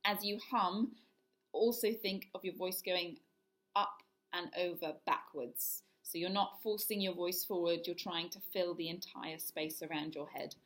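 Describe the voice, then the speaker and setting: A woman voice coach leading a guided vocal warm-up, talking through each exercise step by step. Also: on the low side, measured pace. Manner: demonstrates yawns, hisses, hums and sirens; instructive, step-by-step.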